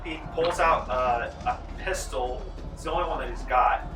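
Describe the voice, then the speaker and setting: A man running a tabletop game as game master, telling the action with animated energy and shouting out the characters' lines. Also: medium pitch, normal speed, reverberant, distant mic, over music, rough recording. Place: large room, library program.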